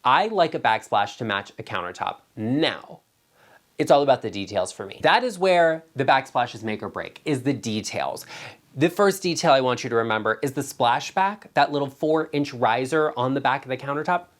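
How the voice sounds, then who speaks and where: A man's voice: mid-range voice, expressive, normal speed. A man giving casual design advice to camera as an interior designer, chatty and emphatic with a sassy streak.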